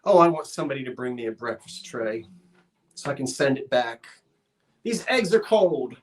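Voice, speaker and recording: Speaking a little fast in a mid-range voice, this host runs a live-stream sale from inside a shop. The chat is casual and rambling, full of self-deprecating remarks, with viewer comments read aloud and bids counted down.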